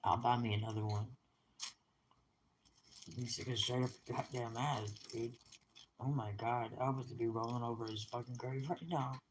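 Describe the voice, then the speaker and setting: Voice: medium pitch, fairly even intonation, normal speed, long pauses, a little hiss or hum, poor audio. A middle-aged vlogger delivering a blunt, scornful rant to the camera, swearing heavily throughout. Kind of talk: angry profane rant to camera.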